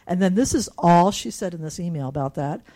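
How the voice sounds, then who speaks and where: A woman's voice: fairly low pitch, lively intonation, fairly quick, warm tone. A middle-aged woman candidly telling her own story and reading her emails aloud, with fillers and small laughs. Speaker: cancer patient sharing her story.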